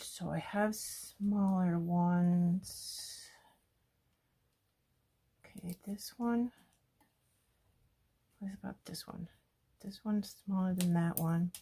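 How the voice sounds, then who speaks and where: Casual crafting host, female, low husky-gravelly voice, chatty, thinks aloud, trails into murmurs. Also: mellow. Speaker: scrapbooking video host. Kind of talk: casual crafting talk-through.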